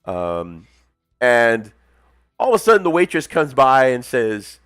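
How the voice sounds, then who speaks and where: A man's voice: mid-range voice, measured pace, smooth, no room sound, clean studio sound, faint music behind. A man hosting a casual hobby livestream, telling stories in a loose, slangy way, often laughing and acting out the people he quotes. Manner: animated storyteller, acts out quoted voices. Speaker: hobby stream host.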